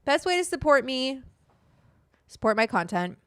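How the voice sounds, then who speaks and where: A middle-aged woman, a cannabis cook, hosts a casual livestream from a room at home, rambling loosely, reading viewer comments and swearing casually. Her high, sing-song voice moves at normal speed and sounds smooth through a desk studio mic, with no room sound.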